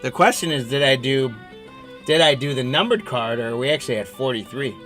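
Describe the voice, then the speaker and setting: A man's voice: medium pitch, animated, fairly quick, fairly bright tone, faint music behind. A man hosting a live trading card break stream, reading out player names and teams in a running patter and chatting with viewers.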